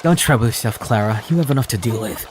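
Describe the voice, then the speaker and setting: A polite young artist speaks quietly and with restraint, a touch low and subdued, as a man reads his lines. He sounds calm and modest throughout. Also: fast, a little hiss or hum, lightly acted. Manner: calm, quiet dialogue reading.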